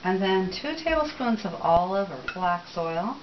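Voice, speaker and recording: A woman's voice: mid-range voice, expressive, unhurried, lo-fi sound, slight background noise. A woman giving a casual, rambling recipe demonstration, chatty, with frequent ums and self-corrections. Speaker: cooking demonstrator.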